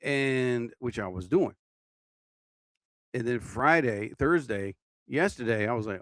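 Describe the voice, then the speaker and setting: A man's voice: mid-range voice, sing-song, unhurried, pauses often, fairly bright tone, no room sound. A tired man hosting his own livestream podcast, rambling casually and yawning as he talks. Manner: drowsy, yawning, meandering talk. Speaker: podcast host.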